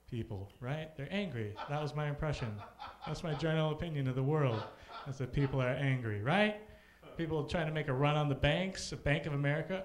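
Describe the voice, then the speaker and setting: A man hosting a stand-up comedy show on a comedy club stage, animated, bursting into shouted mock rants. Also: fairly high pitch, brisk.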